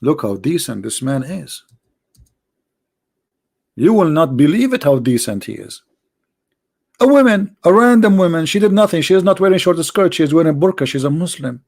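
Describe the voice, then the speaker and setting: A man's voice: fairly high pitch, very animated, moderate pace, creaky, pauses often, darkish tone. A man hosting a live-streamed debate who talks in a mocking, sarcastic and theatrical way. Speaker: debate host.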